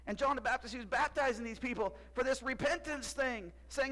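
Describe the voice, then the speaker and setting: A man's voice: extremely high pitch, fairly quick, few pauses, bright, forceful tone, low-quality recording. Jokey man telling a story to a crowd. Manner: playful, jokey, asks audience questions. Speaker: costumed storyteller in church skit. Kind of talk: first-person biblical character monologue.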